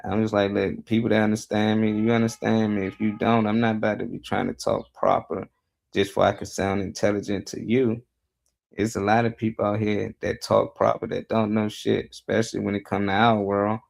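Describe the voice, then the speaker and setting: A man's voice: lowish voice, flat delivery, a little fast, creaky. A man talking bluntly and casually on a live talk show, laid-back and profane as he tells his views.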